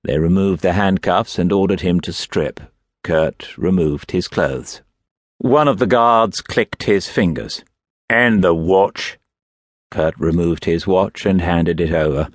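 Deep-voiced male audiobook narrator. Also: dry recording, clean studio sound. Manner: measured, steady storytelling. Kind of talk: scripted narration. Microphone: close studio mic.

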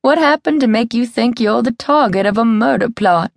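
Brisk no-nonsense sister, voiced by a female narrator; dry close recording. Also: on the high side, creaky, no echo, voice pushed up. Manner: brisk, firm.

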